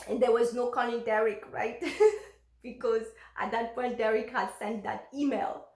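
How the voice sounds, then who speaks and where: A woman's voice: fairly high pitch, flat delivery, slow pace, roomy sound. A woman telling a personal story candidly, often breaking off mid-sentence. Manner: candid and confessional. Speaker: vlogger.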